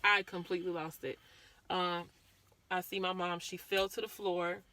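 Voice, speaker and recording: A woman's voice: fairly low pitch, flat delivery, moderate pace, pushed and bright. A woman vlogger earnestly recounting a painful personal story, often repeating herself.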